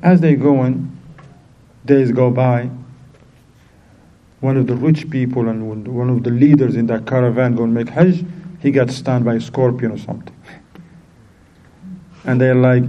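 Animated man telling a moral story. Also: measured pace, long pauses, rough recording. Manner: animated storyteller, acts out quoted voices in a raised pitch. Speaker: Islamic teacher. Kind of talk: storytelling lesson.

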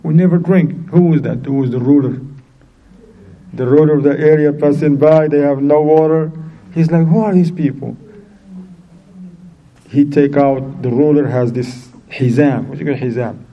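Animated man telling a moral story. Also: moderate pace, highs cut off. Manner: animated storyteller, acts out quoted voices in a raised pitch. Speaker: Islamic teacher. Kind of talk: storytelling lesson.

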